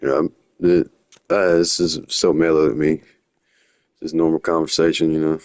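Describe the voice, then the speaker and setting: A young man talks on a live stream, wandering loosely from one story to the next in casual slang. His voice sits very low. The sound is dry and close, with no room around it. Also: fairly even intonation, moderate pace, gravelly, a little mellow, dry recording. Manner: rambling, slangy, drifting storytelling. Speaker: livestreamer. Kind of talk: rambling live-stream chat.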